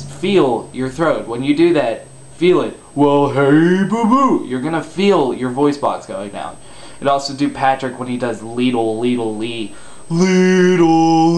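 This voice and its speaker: A man's voice: medium pitch, slight background noise. A man giving a casual spoken tutorial on screaming, loose and rambling, self-deprecating and crude.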